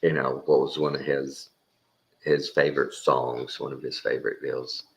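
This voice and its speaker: A man spins a loose, folksy yarn with easy cussing and plenty of tangents. His voice sits extremely low and rumbles with a gravelly fry. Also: flat delivery, normal speed. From Texas. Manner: folksy, rambling, casual swearing, acts out quoted voices. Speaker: storyteller. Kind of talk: casual spoken anecdote.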